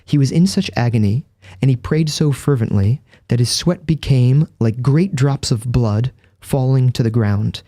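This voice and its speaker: A Catholic priest appears as a guest, explaining things conversationally in earnest, vivid stories. His medium-pitched voice is unhurried and dark in tone. The recording is dry, with a close studio microphone.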